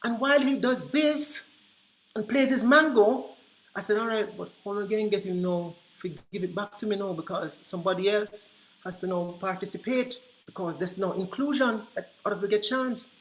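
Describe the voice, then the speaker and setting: A man presenting to early childhood teachers, telling classroom stories in an animated way and acting out the dialogue. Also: high voice, normal speed. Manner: animated, acts out quoted dialogue. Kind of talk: storytelling presentation. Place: conference room. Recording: roomy echo.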